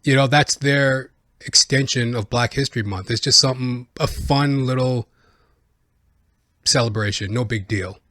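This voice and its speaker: A man's voice: mid-range voice, normal speed, fairly bright tone, no echo. A man hosting a comedy podcast, reacting in a rambling, profane rant full of filler words, into a close microphone. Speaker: podcast host.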